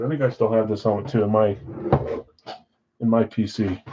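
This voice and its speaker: A man hosting a live-streamed card break, chatting with viewers and calling out countdowns in an energetic, auctioneer-like way. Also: medium pitch, highs cut off. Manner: auctioneer-like rapid calls.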